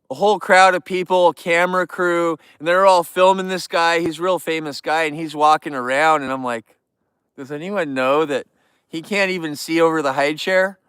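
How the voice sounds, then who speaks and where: A man's voice: sits high, bright, forceful tone, clean tone, no room sound, studio quality. A man hosting a casual livestream, chatting and joking in a goofy, youthful-sounding voice. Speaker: livestream host.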